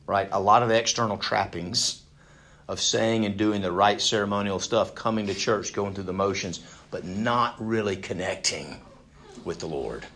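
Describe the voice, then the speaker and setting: A man's voice: fairly low pitch, moderate pace, fairly bright tone. Man leading a casual Bible study. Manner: casual, asks the group questions, repeats words when restarting. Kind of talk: conversational Bible teaching with group discussion.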